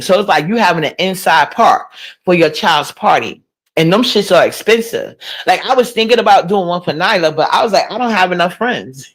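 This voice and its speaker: A woman, chatting casually on a livestream, reading and answering comments. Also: fairly low pitch. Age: 40s. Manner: gossipy, incredulous, talks back to chat. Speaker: livestream host.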